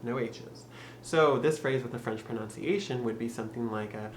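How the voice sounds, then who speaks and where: Young man, casual upbeat tutor, laughs easily; echoey room, faint noise. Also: medium pitch. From Michigan. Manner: upbeat, laughs often, slows for drilled phrases. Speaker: YouTube tutor.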